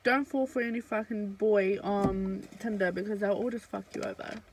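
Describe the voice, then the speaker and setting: A young woman vlogging a casual storytime, chatty and blunt, swearing freely and filling pauses with "um" and "like". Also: mid-range voice, fairly even intonation, soft background music, rough recording.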